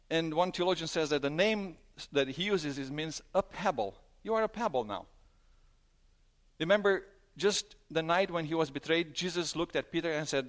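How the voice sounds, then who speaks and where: A man preaching a sermon, retelling a story with animated storytelling and acted-out dialogue. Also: fairly high pitch, normal speed. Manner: animated storytelling, acting out dialogue with big swings in loudness. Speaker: pastor.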